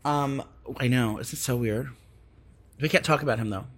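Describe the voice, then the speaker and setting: A man co-hosting a casual podcast chat, gossipy and talking in quick bursts. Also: medium pitch. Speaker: co-host.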